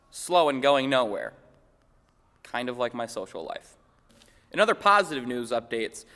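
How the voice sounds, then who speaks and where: Brief: young male parody news host, bright lively voice, deadpan jokes, echoey hall. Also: a little high. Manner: deadpan wisecracks, mock-anchor delivery. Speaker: segment host.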